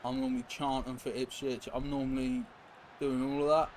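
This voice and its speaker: A man's voice: mid-range voice, level tone, moderate pace, darkish tone. Chatty man over background noise. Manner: rambling, chatty, reacts to chat and game mid-sentence. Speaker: streamer. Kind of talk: casual live-stream chat while gaming. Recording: noisy background hiss.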